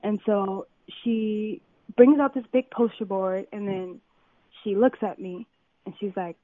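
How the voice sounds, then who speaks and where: A woman's voice: mid-range voice, a little slow, no room sound. A young woman from Compton talks eagerly, piling on "like" and "um" as she tells her story. Her voice comes through a tinny phone line with a dry, close sound. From Compton, California. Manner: excited, filler-heavy storytelling. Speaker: model, interview guest. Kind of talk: phone interview, casual storytelling.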